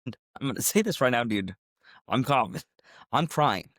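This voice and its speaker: A man's voice: mid-range voice, a little fast, no echo, studio quality. A man co-hosting a sports podcast in casual chat, joking and laughing often while sick with a cough. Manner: excitable, jokey, laughs often. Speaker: podcast co-host.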